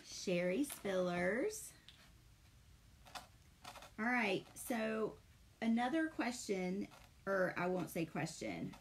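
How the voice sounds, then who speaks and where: A middle-aged woman with a lowish voice paints live as a painting instructor, chatting with viewers and greeting them by name. It's a live-streamed craft session with slight background noise.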